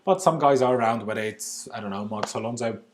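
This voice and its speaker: Talking fast in a fairly low voice, with slight noise in the background, an Austrian-accented football channel host chats casually from home during a livestream. He responds to viewer comments, leaning on British slang and saying "bloody" a lot.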